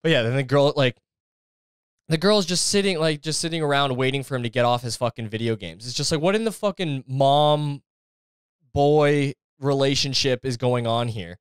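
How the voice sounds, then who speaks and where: A man's voice: mid-range voice, moderate pace, smooth, no echo, studio quality. A young adult man hosting a podcast, delivering a sarcastic, exasperated and profane comedic rant. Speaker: podcast host.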